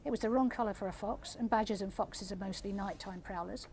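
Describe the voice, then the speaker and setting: An older woman, an author, reading her story aloud in a measured, gentle way and answering audience questions. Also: mid-range voice, a little hiss or hum. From England.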